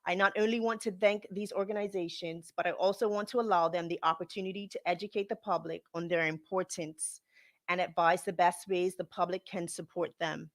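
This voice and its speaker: A woman's voice: fairly low pitch, steady tone, brisk. A woman with a Bermudian accent, a government minister, reading a formal press statement.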